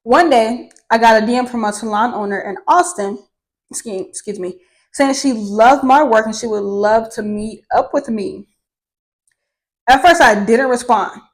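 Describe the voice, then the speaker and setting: A young woman vlogger telling her own life story to camera in a candid, profane, animated way. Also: fairly high pitch, moderate pace, rough recording. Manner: candid and profane, swears freely; animated, with laughter.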